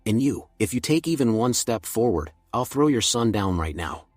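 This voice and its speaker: A man's voice: mid-range voice, very animated, moderate pace, no echo, soft background music. A man voicing a cold, fearless young man who threatens evenly.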